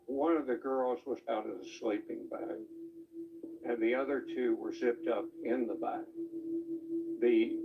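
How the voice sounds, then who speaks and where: A man speaks as an author and attorney in a documentary interview. He recounts events in a plain, matter-of-fact way with a gravelly edge. The sound is dull and a little distant. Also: medium pitch, fairly even intonation, a little slow, pauses often, background noise.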